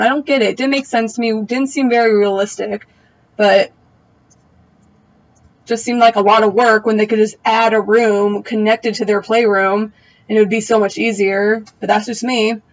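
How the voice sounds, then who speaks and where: A woman's voice: on the high side, fairly even intonation, normal speed, highs cut off. A young woman giving a casual, opinionated recap of a TV episode, full of slangy asides. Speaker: TV recap vlogger.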